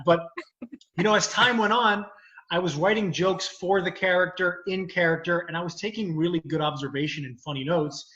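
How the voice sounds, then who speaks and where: A man talks casually about his comedy career in a rambling, storytelling way, filling gaps with "you know." His voice sits a bit high and sounds bright. The audio is dull and echoey, like a video call from a bare room. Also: moderate pace. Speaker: comedian and lawyer. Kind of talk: casual chat.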